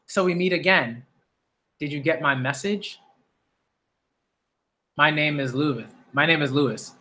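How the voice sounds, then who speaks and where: A man's voice: fairly high pitch, unhurried, pushed and bright. A man reading aloud the lines of a gleeful, cruel male demon aristocrat who hunts people, smug and relishing each word.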